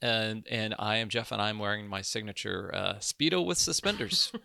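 A man's voice: on the low side, moderate pace, gravelly, sharp tone, no echo, studio quality. A man hosting a podcast in casual, joking chat that rambles with restarts. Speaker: podcast host.

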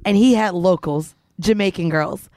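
A woman's voice: fairly low pitch, moderate pace, darkish tone, no room sound. Young woman co-host, blunt sidekick chiming in, dry studio sound. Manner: blunt, chiming in, crude humor. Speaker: podcast co-host. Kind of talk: casual chat.

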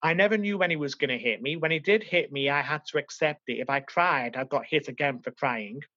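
A man's voice: fairly high pitch, fairly quick, sharp tone, no echo. A man from Liverpool, England, telling his life story as an interview guest in an earnest, emotional, reflective way. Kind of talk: personal life story in conversation. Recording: dull, lo-fi, dry.

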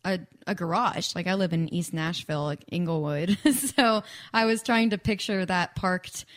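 A woman's voice: on the low side, moderate pace. A young woman from Texas chatting casually as an interview guest, with lots of "like" and "um". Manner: chatty, frequent "like" and "um". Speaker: guest songwriter.

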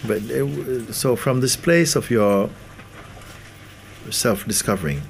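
A man's voice: mid-range voice, slow, gravelly, slight background noise. A man giving a spiritual talk to an audience, laughing often and acting out the voices of the people he quotes. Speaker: spiritual teacher.

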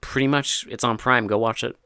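Male co-host, casual horror-movie chat with cursing, bright tone, dry close sound. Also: mid-range voice, steady tone, a little fast, clean tone, no room sound. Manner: casual, swears, uses lots of filler words. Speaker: podcast co-host. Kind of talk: casual film review chat.

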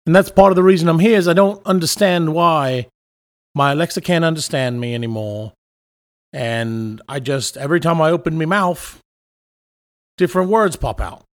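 A man playing a guest from the American South whose put-on British accent keeps slipping, his voice swinging between high and low. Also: moderate pace, lightly acted.

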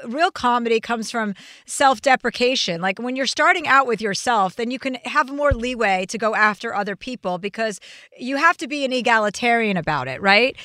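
A woman's voice: a little high, sharp tone, no echo, clean studio sound. A woman hosting a podcast in casual chat, a stand-up comic who talks bluntly and swears freely. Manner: blunt, profane, fast-talking.

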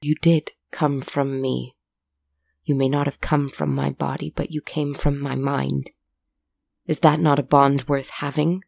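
Scientist mother, storybook, low and gravelly, pleading and stern, read by a woman. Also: flat delivery, measured pace, darkish tone, dry recording.

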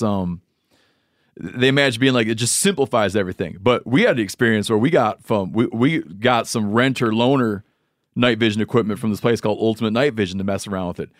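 A man's voice: lowish voice, dry recording, clean studio sound. Rambling man on a podcast. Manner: rambling, thinks aloud with self-corrections. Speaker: podcast host. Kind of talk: casual chat.

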